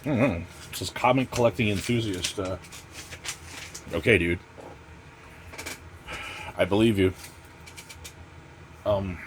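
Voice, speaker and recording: Sweary, ranting low-voiced man. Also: measured pace, long pauses, fairly bright tone, a little hiss or hum. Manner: profane, ranting, sarcastic. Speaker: comic channel host. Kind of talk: casual unboxing vlog.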